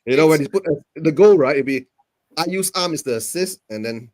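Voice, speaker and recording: A man in a casual football chat, jokey and animated, spinning theories. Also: a little high, brisk, no room sound, clean studio sound.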